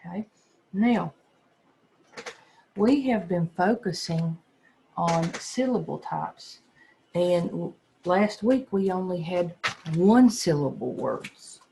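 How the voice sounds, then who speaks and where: A second grade teacher with a gravelly, mid-range voice and a darkish tone gives a phonics lesson to young children, with slight background noise. Patiently, he sounds out words slowly and spells the letters.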